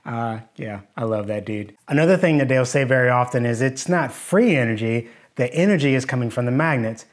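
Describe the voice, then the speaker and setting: A man's voice: mid-range voice, expressive, a little fast. A man teaching in a video lesson, plainspoken and skeptical as he picks apart hoaxes. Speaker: engineering YouTuber.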